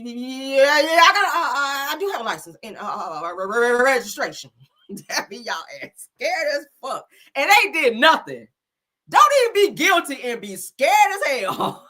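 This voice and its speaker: A woman host, giving profane, animated commentary, laughing often and mimicking people. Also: a little high, breathy edge. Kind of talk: casual talk-show commentary.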